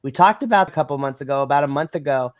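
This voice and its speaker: A woman co-hosting a wrestling podcast, reviewing matches in gushing, animated casual chat that breaks into shouts of excitement. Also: sits low, very fast, a little hiss or hum.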